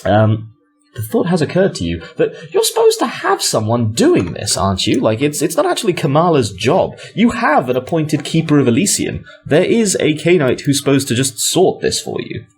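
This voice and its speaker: A man's voice: on the high side, huge pitch swings, normal speed. A man narrating as game master, rambling with fillers and self-corrections.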